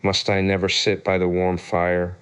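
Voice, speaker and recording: A man's voice: sits low, completely flat delivery, normal speed, fairly bright tone, smooth. A man voicing a sly, haughty male cat who walks by himself, in a storybook reading.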